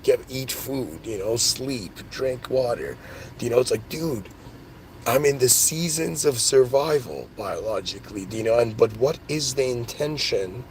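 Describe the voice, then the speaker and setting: A man hosting his own podcast, rambling excitedly through spiritual ideas in a casual monologue, full of "dude" and "like". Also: mid-range voice, slight background noise. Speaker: podcast host.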